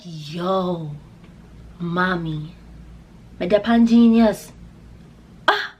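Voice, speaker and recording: A young woman telling a casual storytime vlog, acting out her own quotes with big jumps in pitch. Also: extremely slow, long pauses, slight background noise. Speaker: singer and vlogger.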